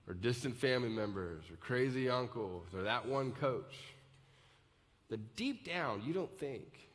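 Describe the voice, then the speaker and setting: A male pastor preaching a live sermon in a conversational style that builds to emphatic peaks. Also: mid-range voice. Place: large church auditorium. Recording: live hall reverb.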